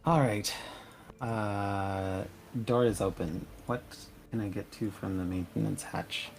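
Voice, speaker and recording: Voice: deep voice, steady tone, takes it slowly, vocal fry, soft background music. A player in a casual tabletop game who asks long, rambling questions.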